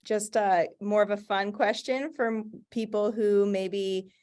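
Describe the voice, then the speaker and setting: A woman's voice: medium pitch, fairly even intonation, slow, darkish tone, clear, resonant tone. A woman hosting a trade podcast, asking her guests questions in an upbeat, friendly way. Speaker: podcast host. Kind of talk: interviewing guests.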